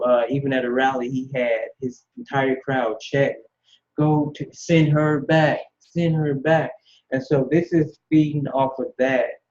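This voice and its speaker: A man's voice: mid-range voice, warm tone. A man giving blunt, dismissive casual commentary, recorded with slightly dull lo-fi sound. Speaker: commentary host.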